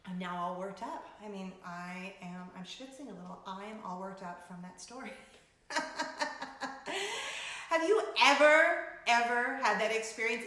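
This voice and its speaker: A woman in her forties hosting a casual vlog, telling a story in an animated, dramatic way and laughing often. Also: mid-range voice. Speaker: vlogger host. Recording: very echoey room.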